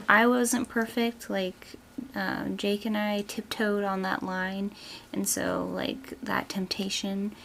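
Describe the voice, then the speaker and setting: A woman's voice: medium pitch, creaky, fairly bright tone, a little hiss or hum. A young woman in a casual group discussion, speaking hesitantly with many fillers.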